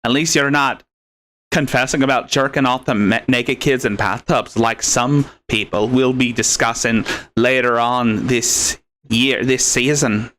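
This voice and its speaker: Bright-voiced, scornful male commentary host. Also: medium pitch, fairly even intonation, unhurried. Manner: sarcastic, scornful, rambling. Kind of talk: mocking live commentary.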